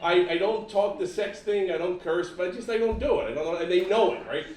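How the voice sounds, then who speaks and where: High-voiced middle-aged male comedian on stage. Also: a little fast, a little mellow. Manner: punchy, exaggerated voices for quoted family. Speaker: stand-up comedian. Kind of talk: stand-up comedy set. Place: comedy club stage with live audience. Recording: roomy club sound from a distance, audience laughter.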